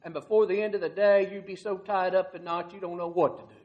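A man's voice: high-pitched, fairly even intonation, fast, highs cut off. A man preaching a sermon in an earnest, folksy way, asking rhetorical questions and building to dramatic emphasis.

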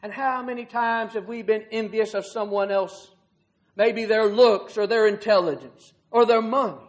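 Male preacher, very high-pitched, folksy sermon delivery with dramatic swells. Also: normal speed. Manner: earnest, folksy preaching with rhetorical questions.

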